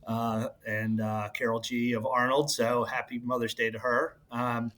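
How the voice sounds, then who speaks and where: Chatty man with a bright voice. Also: medium pitch, flat delivery, measured pace. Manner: rambling, chatty. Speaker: podcast co-host. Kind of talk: casual chat.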